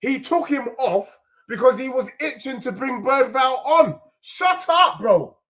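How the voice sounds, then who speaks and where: A man's voice: extremely high pitch, measured pace. A young man with a London accent, hosting a football reaction stream and ranting heatedly in slang, repeating his points. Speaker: football fan channel host.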